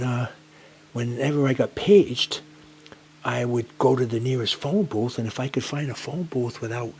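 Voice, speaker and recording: Guy telling a story about a job gone wrong, gets worked up, lots of uh and you know, mid pitch. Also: a little hiss or hum. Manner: animated, exasperated retelling with many fillers. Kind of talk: casual personal anecdote.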